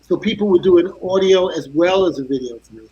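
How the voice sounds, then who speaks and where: Older man, high-pitched animated storyteller. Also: fast, highs cut off. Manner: animated anecdotes full of quoted voices. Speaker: guest guitarist. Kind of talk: casual interview storytelling.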